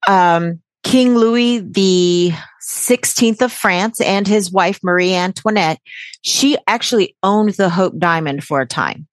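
A woman's voice: medium pitch, slow, no room sound. Brash, swearing woman podcast host. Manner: brash, jokey, swears freely with sarcastic asides. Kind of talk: casual podcast chat.

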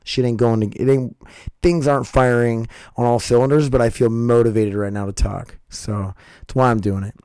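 In a loose late-night monologue on his podcast, this man speaks in a mid-range, slightly mellow voice with a steady tone and moderate pace, though his throat sounds scratchy and strained. He rambles, curses, and keeps interrupting himself, all captured in a dry, clean studio recording.

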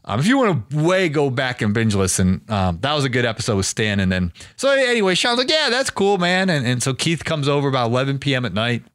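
A man's voice: mid-range voice, fast, hardly any pauses, dry recording, studio quality. Rambling, chatty male podcast host. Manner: rambling storyteller, animated quoting. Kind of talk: casual podcast chat.

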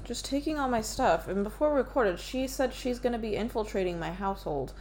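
A woman's voice: fairly high pitch, lively intonation, a little fast, a little mellow, a little hiss or hum. A young woman co-hosting a casual podcast, chatting in a teasing, playful way. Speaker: podcast co-host. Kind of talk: casual chat.

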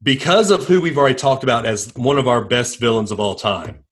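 A man's voice: medium pitch, fairly quick, breathy edge. A man co-hosting a podcast, talking casually with blunt, teasing remarks and short agreements. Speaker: podcast co-host. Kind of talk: casual chat.

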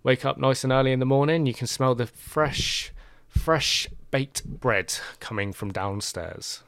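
A man's voice: medium pitch, a little slow, fairly bright tone, clear, resonant tone, no echo. A man narrating as game master of a tabletop game, in loose, easygoing speech full of fillers.

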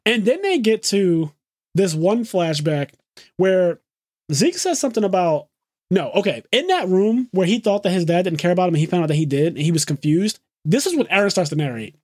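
A man hosting a podcast, excitedly recapping an anime episode in casual, profane, run-on talk. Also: high-pitched, dry recording, studio quality. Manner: excited, swears freely, rapid run-on retelling. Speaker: podcast host.

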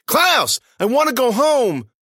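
A man voicing a brash, rough-spoken young woman who hunts monsters, shouting in a panic. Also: extremely high pitch, sing-song, slow pace, no room sound, clean studio sound, pitched above the performer's own voice, exaggerated voice. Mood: frantic.

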